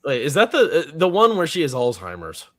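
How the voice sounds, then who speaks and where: A man's voice: mid-range voice, huge pitch swings, fast, fairly bright tone, no room sound, studio quality. A man hosting a casual panel chat, rambling a bit, chuckling often and reading out viewer comments. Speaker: panel host.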